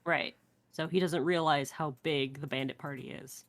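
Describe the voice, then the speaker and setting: A woman co-hosting a casual brainstorming chat, playful and quick to agree and build on ideas. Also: deep voice, fairly even intonation. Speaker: podcast co-host.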